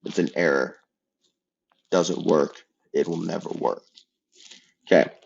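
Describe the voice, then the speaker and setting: A man giving a casual math lesson, explaining steps with relaxed joking asides. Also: sits low, takes it slowly, vocal fry, lo-fi sound. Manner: relaxed, joking asides while working problems. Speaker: math teacher.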